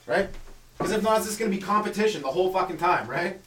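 A man's voice: sits high, lively intonation, quick pace, a bit bright, far from the mic, slight background noise. A man doing a loose, rambling stand-up monologue as a comedy podcast host, full of fillers and asides. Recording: echoey room, voice off the mic.

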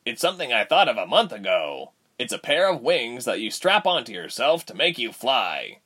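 Young male inventor, read by a narrator, lively and animated delivery. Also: mid-range voice, moderate pace, slightly rough, exaggerated voice. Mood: easygoing. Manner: casual, then tense and urgent.

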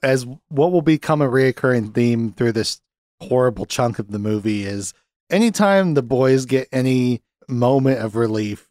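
A man's voice: mid-range voice, normal speed, darkish tone, no room sound, clean studio sound. A man talking casually as a podcast guest, laughing often and retelling scenes with quoted lines. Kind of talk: casual movie review chat.

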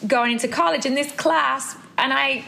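A bright, fairly high-voiced woman from the Black Country, her English accent worn down by years abroad. She talks fast and chattily, often laughing at herself. Faint noise sits behind her voice. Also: gravelly. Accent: English Black Country, softened by travel and time in America. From England, Black Country. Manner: chatty, quick, laughs often, self-deprecating. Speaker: guest, Pilates instructor and former dancer. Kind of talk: casual interview chat.

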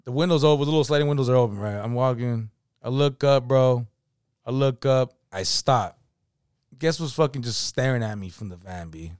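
A man with a Californian accent, telling an animated, slang-filled story in casual chat. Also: mid-range voice, moderate pace, clean tone, dry recording, clean studio sound. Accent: Californian English.

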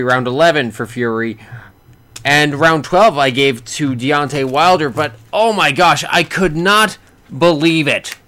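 Man, mid-pitched voice, rambling, excitable, casual fight recap. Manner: rambling, many fillers and restarts, excitable. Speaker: boxing fan reviewing a fight.

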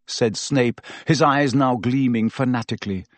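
A man narrating an audiobook in a measured, dramatic reading. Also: on the low side, no room sound.

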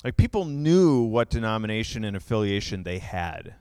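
A man's voice: fairly low pitch, big pitch swings, normal speed, a little mellow, clean tone, no echo. A younger man preaching a sermon, explaining figures in a conversational way with asides. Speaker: pastor.

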